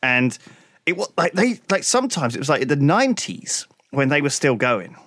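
A man's voice: a little high, sing-song, moderate pace, a bit bright, no echo. Wry man on a dry mic. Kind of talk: casual banter.

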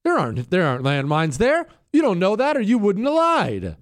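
A man hosting a political talk radio show, combative and mocking, with sarcastic jabs and punchy emphasis. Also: normal speed. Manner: lively pitch swings, stressing words.

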